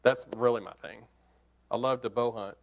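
The audio is dull as a preacher with a medium-pitched, creaky voice recounts a hunting story to make a point in his sermon. He talks at a normal speed, animated and conversational, shifting from hushed tones to excitement.

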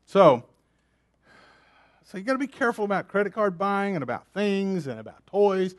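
A man's voice: sits high, animated, normal speed. A man preaching a sermon, emphatic and repetitive, firing rhetorical questions at his congregation.

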